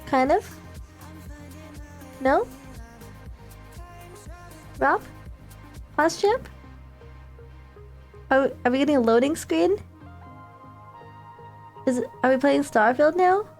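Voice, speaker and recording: Young woman streamer, very high voice, excitable and giggly, unhurried delivery. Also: creaky, faint music behind. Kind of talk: casual live-stream chat.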